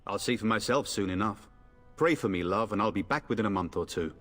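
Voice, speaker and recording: Breezy jokey young knight guy, kinda low voice, echoey reverb. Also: lively intonation, a little fast, fairly bright tone, faint music behind. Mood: joking. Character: cocky young noble warrior, eldest son.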